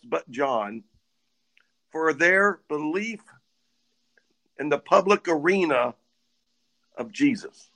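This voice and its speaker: A man's voice: a little high, animated, slow, long pauses, sharp tone. A male co-host of a talk show, chiming in emphatically and repeating his key words. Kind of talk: casual chat.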